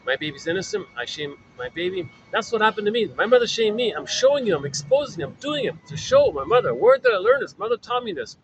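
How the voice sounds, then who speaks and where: Guy voicing a bitter mom yelling at the world, high pitched, loud car noise behind. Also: very animated, fast, few pauses, rough recording. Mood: accusing. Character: bitter young mother shouting at the world.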